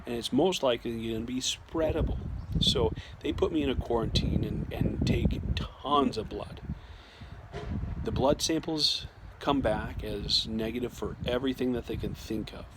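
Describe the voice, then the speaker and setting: Over loud background noise, a man with a mid-range voice tells a personal story at a normal pace. He's casual and conversational, often restarting sentences and acting out, in quoted dialogue, what people said to him.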